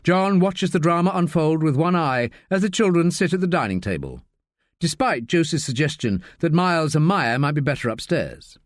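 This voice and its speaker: A man narrating an audiobook in an expressive, measured storytelling manner. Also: on the high side, no room sound, studio quality.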